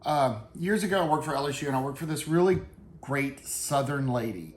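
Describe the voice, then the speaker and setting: With a brisk, animated, medium-pitched voice, a man hosts his channel and casually rambles through a product unboxing, using loose fillers. He's a product reviewer, recorded with roomy echo and faint background noise.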